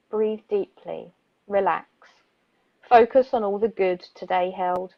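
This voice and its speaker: Female radio co-host, medium pitch, calm poetry reader, dull lo-fi broadcast sound. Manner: slow, soothing reading voice, laughs easily in chat. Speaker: radio co-host reading listeners' poems. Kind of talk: gentle poetry reading and casual chat.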